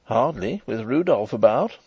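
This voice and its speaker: A sensible, even-tempered gentleman, played by a male reader. He speaks calmly and gently chides, with a lively, husky, lowish voice, recorded dry and close. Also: a little slow, dry recording. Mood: mild. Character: mild older brother, sensible gentleman.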